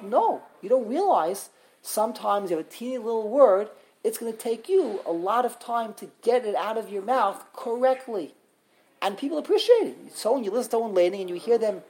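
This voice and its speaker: Woman, husky voice, class teacher, slow syllable drills, explanatory. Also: mid-range voice, a little mellow. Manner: explanatory, sounds out syllables slowly, frequent restarts. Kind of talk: classroom text study with pronunciation drills.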